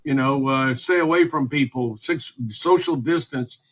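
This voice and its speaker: A man's voice: mid-range voice, a little slow, noisy background. A man, speaking as a physician guest in a radio interview, emphatic and repetitive, listing points one by one. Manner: emphatic, repetitive, list-making.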